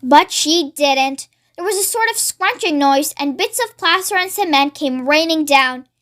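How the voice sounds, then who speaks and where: A read-along narrator reading a children's story aloud in a steady, expressive way, then signing off to viewers. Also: sits high, unhurried.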